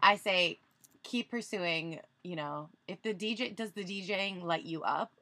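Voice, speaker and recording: A woman's voice: fairly low pitch, a little slow, sharp tone. A woman guest on a podcast, chatting casually, with lots of "like" fillers and an encouraging tone. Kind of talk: casual chat.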